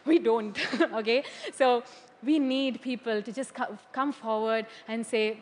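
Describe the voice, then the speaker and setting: A woman preaching a sermon in a church hall. She is animated, laughs often and keeps checking in with "okay?". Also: on the high side, unhurried. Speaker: church leader. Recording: long hall reverb.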